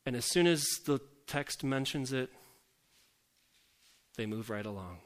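A male pastor speaks in an animated, unhurried way at medium pitch during a conversational sermon. He keeps up joking, self-deprecating asides and asks the congregation rhetorical questions.

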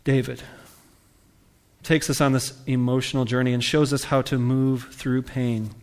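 Speaking in a flat, mid-range voice at a slightly slow pace, a pastor delivers a conversational sermon. He questions the congregation and reads scripture aloud, building emphasis as he goes.

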